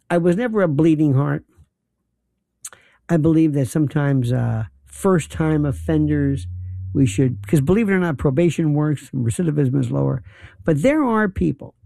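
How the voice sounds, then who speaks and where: A man's voice: fairly high pitch, creaky, no room sound, clean studio sound. A man hosting a talk radio show, telling opinionated stories and acting out the people he quotes. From New York. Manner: animated storytelling, acts out quoted people.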